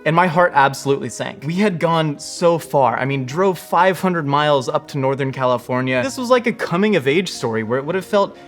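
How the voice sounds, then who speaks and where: A man host telling a personal story to camera, animated, acting out the voices of the people in it. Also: fairly high pitch, a little fast, hardly any pauses, faint music behind. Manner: lively, acts out quoted voices.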